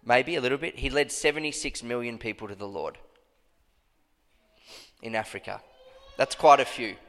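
A man delivers a fervent sermon in a church hall. His voice jumps into high, emphatic outbursts, and a long reverb trails after each phrase. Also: moderate pace, a bit bright. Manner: passionate, bursts into high emphatic cries. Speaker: pastor.

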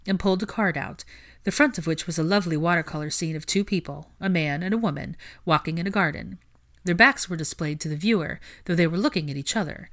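A woman reading a storybook chapter aloud with a low voice. Her narration is calm and even, with a steady pace from line to line. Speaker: audiobook reader.

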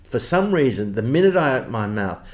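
A man with an Australian accent, a theatre producer telling lively backstage anecdotes in an interview. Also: mid-range voice, brisk. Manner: animated storyteller, does voices in quotes.

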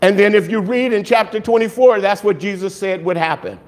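A male pastor with a high voice preaches a little fast and with plenty of animation. Between points come jokes and laughs, and he raises rhetorical questions only to answer them himself.

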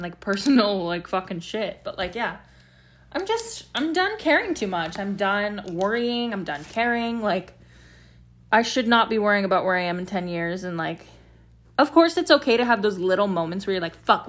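Young female podcast host, casual solo chat from home; loose, rambling, profane, everyday pitch. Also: a bit bright. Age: young adult. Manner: rambling and chatty, heavy use of "like" and swearing.

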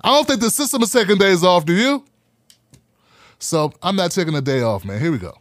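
A man hosting a live podcast, talking in an animated, preachy way and repeating phrases for emphasis. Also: sits high, brisk. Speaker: podcast host. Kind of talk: live-streamed podcast talk.

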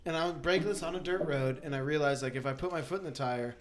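A young man hosting a podcast, talking casually and laughing his way through stories. His voice sits a little on the high side, and he jumps into quick impressions of other people as he tells them. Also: slight background noise. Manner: laughing, animated storyteller who acts out voices. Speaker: podcast host. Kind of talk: casual chat.

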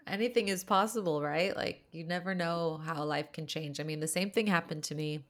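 A woman's voice: low voice, normal speed. A woman from the United States, a podcast host, chatting supportively with her guest and laughing often. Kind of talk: casual conversation.

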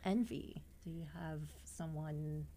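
A woman's voice: deep voice, takes it slowly, dark tone, a little hiss or hum. A woman co-hosting a podcast, chiming in with short reactions and questions in casual chat. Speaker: podcast co-host.

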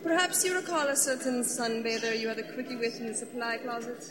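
An actress playing a worldly countess with a dry, teasing manner. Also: female voice, fairly high pitch, fairly even intonation, fairly quick, in a large hall, music in the background, close to an everyday voice. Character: sly, worldly female countess, cool and teasing.

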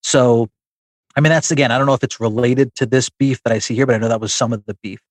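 A man's voice: mid-range voice, steady tone, fast, no room sound. A man co-hosting a casual podcast, telling a long story with many restarts and fillers. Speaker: podcast co-host. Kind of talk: casual chat about wrestling figures.

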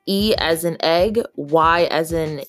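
A woman's voice: low-pitched, slow, no echo, faint music behind. A young woman hosting her own podcast, talking earnestly and emotionally in a candid, profane solo monologue. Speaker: podcast host.

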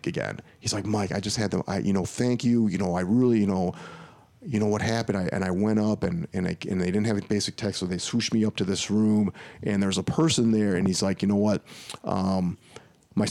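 A man's voice: lowish voice, vocal fry, a little mellow. A man, a podcast guest, telling a long personal story in casual talk, full of restarts and quoted dialogue. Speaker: interview guest.

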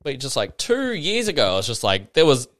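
A man's voice: medium pitch, huge pitch swings, fairly quick, fairly bright tone, no room sound. A man hosting a casual solo podcast, ranting with swearing and mocking impressions, a bit tipsy. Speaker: podcast host.

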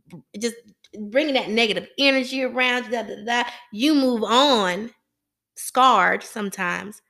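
A woman's voice: a little high, pushed and bright. A woman hosting a casual livestream Bible devotional, chatty and slangy, laughing often as she reads and comments. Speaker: livestream host reading scripture.

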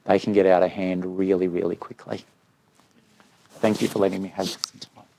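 At a live parent evening, a middle-aged school director addresses the room in a low, gravelly voice at normal speed, with slight background noise. Speaking candidly, he shares stories full of quoted dialogue and livens up when imitating others.

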